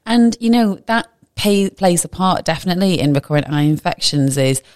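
Woman, medical guest, very low voice, teacherly and measured, casual chat. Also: expressive, darkish tone. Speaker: medical guest explaining eye infections.

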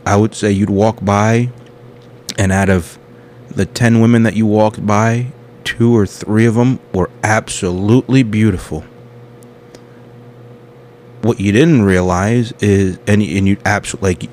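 A man's voice: fairly low pitch, steady tone, unhurried, darkish tone, a little hiss or hum. A man hosting a comedy podcast, rambling through a crude, self-mocking monologue full of tangents. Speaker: podcast host.

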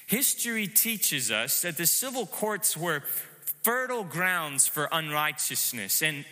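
A man preaching a sermon, measured and emphatic, asking rhetorical questions. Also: on the high side, pushed and bright, big-room sound. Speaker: pastor.

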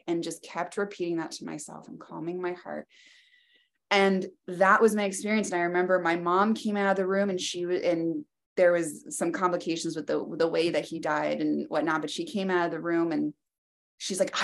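Woman guest on an interview telling her story, lowish voice with lots of vocal fry, reflective, lots of "you know" and "like". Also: steady tone, moderate pace. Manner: reflective, loose phrasing with many fillers. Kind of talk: personal storytelling in conversation.

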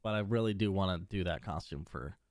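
A man's voice: low-pitched, a little fast, dry recording, studio quality. A man hosting a casual podcast, joking and rambling and swearing freely as he chats with his co-host.

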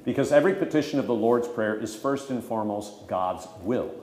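A man's voice: mid-range voice, lively intonation, fairly quick, a little mellow. A pastor teaching the catechism to his congregation, stressing key words for emphasis and breaking off for folksy asides. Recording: echoey hall with long reverb.

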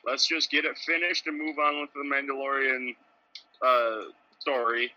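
Podcast guy with a bright close dry sound, tossing out random facts. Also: medium pitch, level tone, normal speed, no room sound, highs cut off. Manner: dry, offers trivia and facts. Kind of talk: casual podcast chat.

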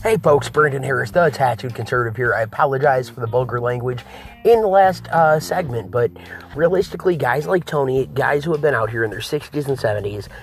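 A man's voice: mid-range voice, brisk, faint music behind. A man hosting a political talk show, ranting to his viewers in a preachy way and calling them folks and guys.

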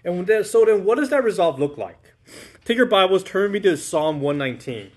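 A man delivers a relaxed, informal sermon, his voice sitting slightly higher than most men's. He talks to the congregation like friends, with easy fillers and little "right?" checks. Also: a little fast. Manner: conversational, frequent "right?" checks. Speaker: pastor.

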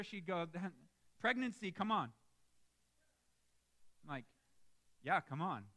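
A young man preaches from the pulpit of a church, his voice pitched high. The sound is bright and forward, and he presses his points hard, then breaks off to joke with the congregation. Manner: lively, emphatic preaching with asides to the congregation. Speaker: pastor. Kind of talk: sermon. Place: church sanctuary.

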